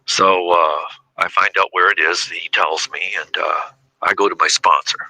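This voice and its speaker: A man in his fifties speaking as an interview guest, drifting through his story with constant fillers. His voice is low and pushed hard, with a tense edge. The sound is close and dry, with no room around it. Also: steady tone, normal speed, pushed and bright, no echo, poor audio. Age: 50s. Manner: rambling, heavy with "you know" and "uh". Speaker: podcast guest.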